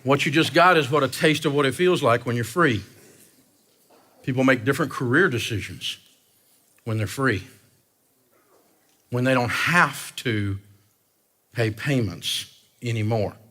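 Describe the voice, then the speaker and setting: A man giving a live seminar talk on personal finance in an energetic, joking, animated way. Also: mid-range voice, measured pace, pauses often, a faint crowd.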